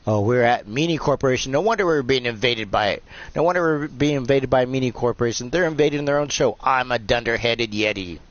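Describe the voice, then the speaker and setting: A man's voice: mid-range voice, brisk, dry recording, muffled recording. Rambling jokey male game commentator. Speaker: host and commentator. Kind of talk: live-stream wrestling game commentary.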